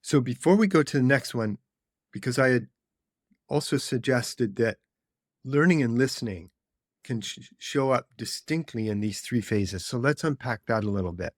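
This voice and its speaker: A man calmly explaining ideas in conversation. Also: medium pitch, no room sound, clean studio sound. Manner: measured, explanatory. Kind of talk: reflective conversation.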